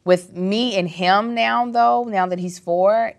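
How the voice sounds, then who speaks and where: Young woman co-host, mid pitch, animated storyteller who acts out dialogue. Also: takes it slowly, creaky. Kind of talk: casual panel chat.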